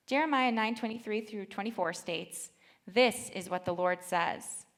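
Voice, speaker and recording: A woman in her thirties preaching a sermon, reading scripture aloud with earnest feeling and telling lively stories from her family. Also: medium pitch, unhurried. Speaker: church speaker.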